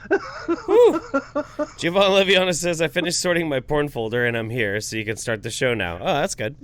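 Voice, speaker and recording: A man co-hosting a podcast in casual chat, reading out viewer comments, loud and animated, with frequent swearing. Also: medium pitch, fast, clean tone, no echo. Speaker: podcast co-host.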